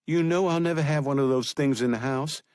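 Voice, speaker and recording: A man's voice: fairly high pitch, brisk, darkish tone, no echo, studio quality, pitched above the performer's own voice, lightly acted. A man voicing a worried adult sister in an audiobook, anxious and defensive.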